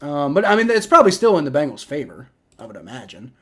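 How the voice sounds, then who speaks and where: Excitable man calling a game, Southern accent. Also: fairly high pitch, fast. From Ohio. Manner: excitable, rambling, swears in frustration. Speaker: livestream sports reaction host. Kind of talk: live play-by-play reaction commentary.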